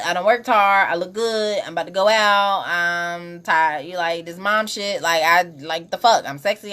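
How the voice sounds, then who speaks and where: A woman's voice: low-pitched, a bit bright. Blunt, candid woman live-streaming. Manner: candid, conversational, reads and answers viewer comments; blunt, uses slang and profanity freely. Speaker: podcast host. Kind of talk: casual live-stream commentary.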